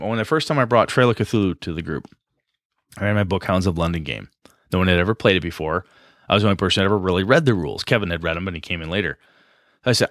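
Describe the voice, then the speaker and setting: A man's voice: low-pitched, quick pace, a bit bright, no room sound, clean studio sound. A man co-hosting a podcast, talking casually and at length about running tabletop games, rambling and self-deprecating. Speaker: podcast co-host, game master. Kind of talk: casual chat.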